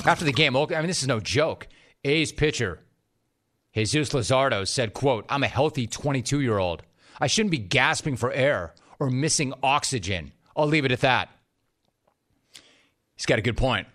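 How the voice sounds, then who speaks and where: A man hosting a sports talk show, delivering an energetic, sarcastic monologue with jokey asides in a studio. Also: mid-range voice, moderate pace, music in the background.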